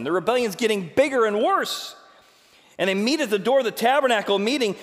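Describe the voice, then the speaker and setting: A man preaching a sermon as pastor, retelling a story dramatically, acting out the quoted lines and swinging from loud to hushed. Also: high voice, in a large hall.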